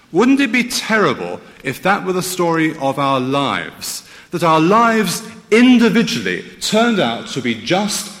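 Male preacher, animated and wry, church-hall reverb. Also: mid-range voice. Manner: lively, wry storytelling with rhetorical questions. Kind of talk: sermon.

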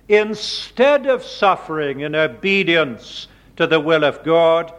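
A man preaching a sermon, slow and deliberate, leaning hard on quoted words. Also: on the high side, lively intonation, fairly bright tone. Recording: dull lo-fi sermon recording.

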